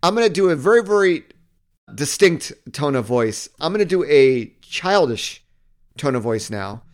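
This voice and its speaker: A man's voice: on the high side, big pitch swings, moderate pace. Chatty man walking through a tool. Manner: loose, chatty, thinking aloud with fillers. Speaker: marketing video host. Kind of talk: casual screen-recording walkthrough.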